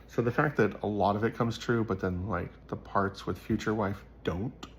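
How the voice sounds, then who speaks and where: A man with a low voice and a gravelly, creaky edge talks straight to his viewers in an earnest, rambling way. He is casual and full of fillers, and there is a faint hiss under the recording. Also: fairly even intonation, moderate pace. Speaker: faith vlogger.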